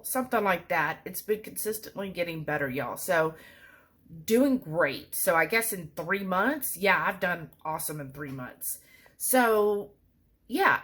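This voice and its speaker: A woman's voice: medium pitch, fairly bright tone. A woman chatting casually to her viewers in a rambling way, often saying "y'all". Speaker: vlogger. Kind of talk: casual chat.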